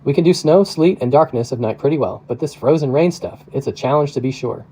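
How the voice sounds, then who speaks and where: Guy putting on a folksy midwestern postmaster lady, ribbing and chatty, mellow low tone. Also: brisk, a little hiss or hum, lightly acted, rough recording. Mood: teasing. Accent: Midwestern American. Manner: teasing, folksy. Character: chatty teasing middle-aged woman postmaster.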